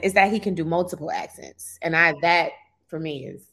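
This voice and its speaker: A woman's voice: low voice, a little fast, fairly bright tone. A woman guest in a casual interview, candid and blunt, laughing easily.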